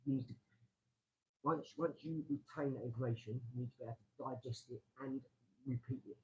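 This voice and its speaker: A man hosting a casual live stream from his garage, rambling excitably and talking straight to his viewers. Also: mid-range voice, poor audio. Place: home garage.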